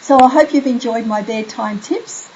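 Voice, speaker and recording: A middle-aged woman parenting coach giving bedtime tips in a gentle, soothing way. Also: on the high side, moderate pace, dull audio, slight background noise. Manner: soothing, demonstrates soft bedtime phrases. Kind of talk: instructional talk to camera.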